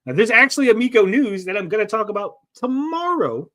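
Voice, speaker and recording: A man's voice: high voice, sing-song, brisk, sharp tone. A man hosting a casual livestream, rambling and joking as he reads out chat messages. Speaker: livestream host.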